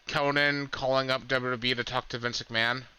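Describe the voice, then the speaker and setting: A man's voice: mid-range voice, level tone, moderate pace, bright, forceful tone, smooth, dry recording. A man co-hosting a casual podcast, telling stories chattily and often restarting his sentences. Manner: chatty storyteller, trails off and restarts. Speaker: podcast co-host.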